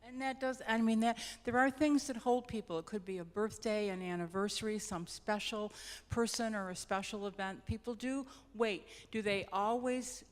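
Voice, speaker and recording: A woman leading a grief support group, speaking gently and repeating words for emphasis. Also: medium pitch, steady tone, moderate pace. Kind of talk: reflective group talk. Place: church hall. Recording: reverberant hall.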